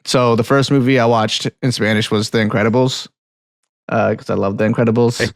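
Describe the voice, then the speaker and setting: Man, podcast co-host, gravelly voice, dry close sound, rambling casual talk. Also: medium pitch, fairly quick, dry recording. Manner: relaxed, rambling, laughs often. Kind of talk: casual chat.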